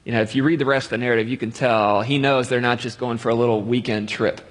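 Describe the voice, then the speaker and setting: A man's voice: medium pitch, steady tone, fast talker, big-room sound. A man preaching a sermon in a conversational way, with jokey everyday analogies.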